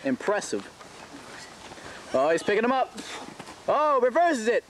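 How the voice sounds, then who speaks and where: A man giving excited play-by-play commentary on a backyard wrestling match, gasping "oh" at every move. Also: high-pitched, a little slow. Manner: excitable, frequent gasps of "oh". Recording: noisy outdoor camcorder audio.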